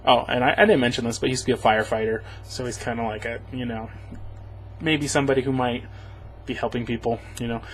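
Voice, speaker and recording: A man's voice: medium pitch, fairly even intonation, fast talker, a little hiss or hum, low-quality recording. A man casually recapping a movie for a review, rambling and sarcastic, chuckling often.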